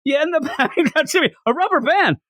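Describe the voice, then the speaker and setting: A podcast host reviewing manga in casual chat, animated and joking, who slips into quick character voices. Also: high-pitched, no echo, studio quality.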